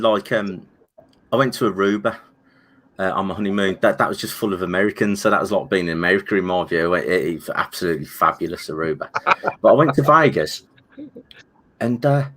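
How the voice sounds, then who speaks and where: A man with a Birmingham accent, co-hosting a casual chat and telling rambling stories with lots of restarts. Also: lowish voice. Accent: Brummie. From England. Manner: rambling, animated storytelling with restarts. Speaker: co-host.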